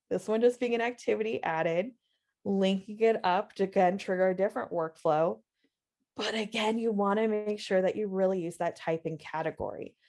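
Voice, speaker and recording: Female webinar trainer, warm mellow tone, patient step-by-step explainer. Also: mid-range voice. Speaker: software trainer. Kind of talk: live webinar instruction.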